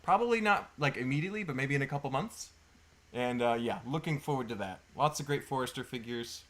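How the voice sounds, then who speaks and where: Brisk and a bit bright, with lively intonation and a medium pitch, a man hosts a casual livestream indoors at a table of sorting bins. He talks with viewers, welcomes them by name, and uses many fillers.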